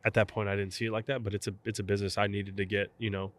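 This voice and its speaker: Low-voiced man telling a lively story. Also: racing. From South Texas. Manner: animated storyteller, acts out both sides of phone calls. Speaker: guest, professional baseball catcher. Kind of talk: casual storytelling interview.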